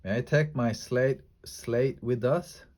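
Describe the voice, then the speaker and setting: A man's voice: medium pitch, takes it slowly, darkish tone, close to an everyday voice. A man voicing a polite, curious young boy in a storybook reading. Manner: polite, wondering.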